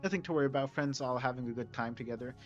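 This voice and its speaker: A man streaming a playthrough, reading the narration aloud and breaking off for relaxed, chatty asides. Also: medium pitch, rapid-fire. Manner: relaxed, chatty, self-correcting. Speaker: streamer reading a visual novel mod. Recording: slightly dull with soft music.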